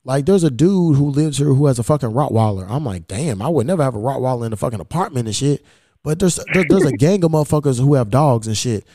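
A man's voice: medium pitch, quick pace, no room sound, clean studio sound. A man hosting a podcast, telling a story in casual chat, swearing a lot and acting out the exchanges he quotes. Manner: profane, animated retelling of quoted exchanges. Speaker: podcast host.

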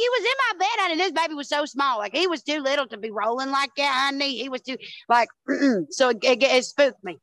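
A woman podcast guest tells her stories with animated energy, swearing freely and peppering every few words with "honey" and "dude". Her voice sits a little above the usual pitch for a woman. The sound is dry and close, with almost no room around it. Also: a little fast, no echo, poor audio. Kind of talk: casual chat.

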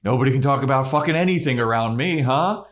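A man's voice: low voice, expressive, normal speed. A man doing a snappy, foul-mouthed teenage girl. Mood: annoyed. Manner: snappy and exasperated.

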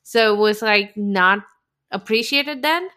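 A woman from India, co-hosting a podcast and telling stories in animated, casual chat, often laughing as she talks. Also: medium pitch, slow pace. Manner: animated storytelling, laughs while talking. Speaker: podcast co-host.

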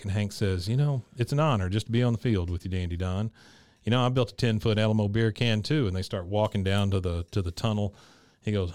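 A low-pitched man talks casually as a podcast co-host, walking through an episode scene by scene. He quotes each character's lines in his own voice rather than acting them out. The sound is dry and close. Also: fast, a little mellow, no room sound. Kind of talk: casual chat.

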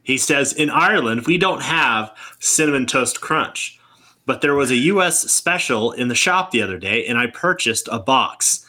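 A man hosting a podcast, briskly reading out listener questions and moving the show along. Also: medium pitch, animated, pushed and bright. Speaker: podcast host.

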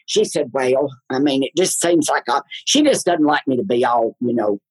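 A man, a guest on a talk show, telling stories in an animated, theatrical way. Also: moderate pace, no room sound, rough recording. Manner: lively, theatrical, swoops up high in his laughs. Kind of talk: animated storytelling in a chat show.

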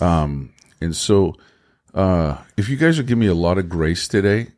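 A man co-hosting a faith podcast, talking slowly and haltingly, restarting his sentences as he works through his thoughts. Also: sits low, lively intonation, darkish tone. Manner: halting, restarts often, thinking aloud. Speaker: podcast co-host. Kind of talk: casual faith discussion.

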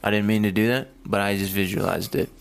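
A man's voice: on the low side, fairly even intonation, fast, gravelly, clean tone, rough recording. A man co-hosting a podcast in casual chat, teasing and firing off questions. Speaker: podcast co-host.

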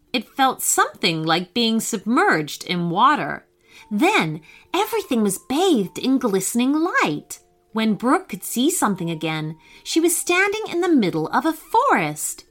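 A woman narrating a children's story, reading aloud gently and expressively. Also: fairly high pitch, sing-song, a little slow. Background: faint music.

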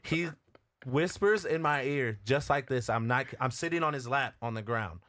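A man telling a story on a casual podcast, animated, laughing often and swearing freely. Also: medium pitch, moderate pace. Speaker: podcast co-host.

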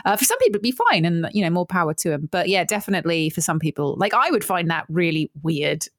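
A young woman co-hosting a podcast, chatty and relaxed, laughing often. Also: lowish voice, fast talker, no echo, studio quality. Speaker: podcast co-host. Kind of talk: casual chat.

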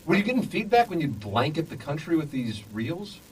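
Lively-pitched male interview host. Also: fairly quick, a little hiss or hum, low-quality recording. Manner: conversational questioning. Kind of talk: casual interview.

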